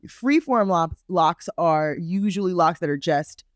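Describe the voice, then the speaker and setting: Animated man chatting on a podcast. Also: a little slow, dry recording, studio quality. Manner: animated, swings high for emphasis. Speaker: podcast co-host. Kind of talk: casual chat.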